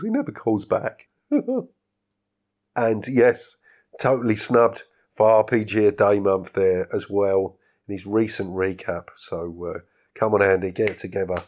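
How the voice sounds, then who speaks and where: A man's voice: lowish voice, darkish tone. An English man hosting his podcast in a casual, self-mocking monologue, chuckling often. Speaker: podcast host.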